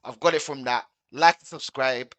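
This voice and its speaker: A man's voice: medium pitch, normal speed, a bit bright, dry recording. A man hosting a slangy, rambling sports chat. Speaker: host. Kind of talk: casual chat.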